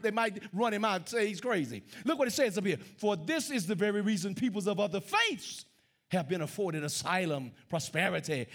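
A man preaching a sermon, swinging from loud declarations to hushed asides and repeating his phrases. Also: high-pitched. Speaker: pastor.

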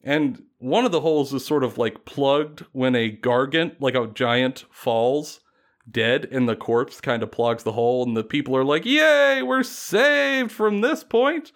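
A man casually retelling a fantasy battle story on a podcast, animated and laughing often. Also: medium pitch, normal speed.

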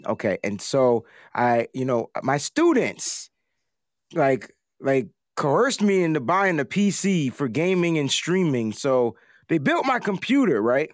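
Animated, high-voiced male show host. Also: takes it slowly, dry recording, studio quality. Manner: animated, excitable, slangy. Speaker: podcast host. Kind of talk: casual livestream chat.

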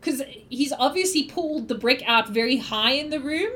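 High-voiced woman running a tabletop game. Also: expressive, moderate pace, a bit bright. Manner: giggly, loose, rambling narration. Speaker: game master.

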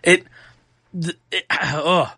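A man hosting a podcast, giving a casual and animated movie review full of fillers and restarts. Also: on the high side, extremely slow, gravelly, slightly rough, no echo. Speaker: podcast host.

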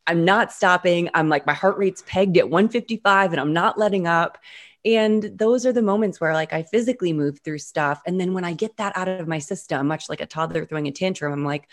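Woman, low voice, animated storyteller, video call, frequent "like". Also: a little fast. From Utah. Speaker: guest. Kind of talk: storytelling interview.

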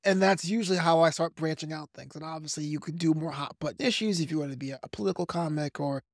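A man from New York with a softened Brooklyn accent, a comedian guest on a podcast, talking fast in an animated, practiced radio-style way. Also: fairly high pitch, no room sound, clean studio sound. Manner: self-described fast talker. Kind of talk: podcast interview.

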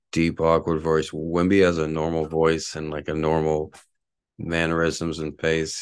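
A man's voice: a bass voice, gravelly, smooth, dry recording, clean studio sound. A man hosting a solo sports podcast from his apartment, rambling with lots of fillers. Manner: angry ranting at a neighbor outside. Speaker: podcast host. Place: apartment at home.

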